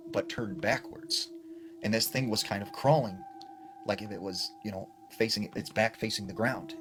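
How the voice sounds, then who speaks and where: A man's voice: lowish voice, background noise. A man casually retelling a ghost story secondhand, with frequent fillers like "like" and "you know". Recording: clear background music under the voice. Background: background music.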